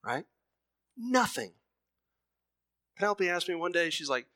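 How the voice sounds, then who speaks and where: A man in his thirties preaching a sermon, emphatic, repeating words and swinging between loud bursts and soft murmurs. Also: high voice, very animated, measured pace, no room sound, studio quality.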